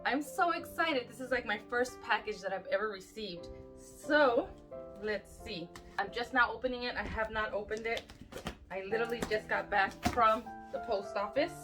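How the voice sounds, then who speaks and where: A woman's voice: on the high side, moderate pace, music in the background. Gushing, teary woman opening mail. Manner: gushing, exclaims and gasps often. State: teary-eyed. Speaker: YouTube crafter opening friend mail. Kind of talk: casual vlog chat.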